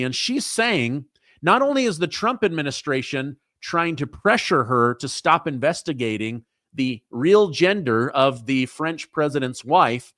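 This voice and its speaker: A male host giving excitable, conversational news commentary. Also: on the high side, dry recording, clean studio sound.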